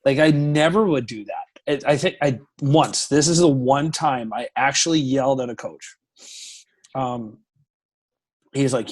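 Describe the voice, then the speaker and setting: A man who is a professional hockey goaltender, a guest telling casual stories full of swearing and acting out his own shouting. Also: mid-range voice, a little slow. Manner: profane, animated storyteller who acts out shouting. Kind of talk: casual storytelling interview.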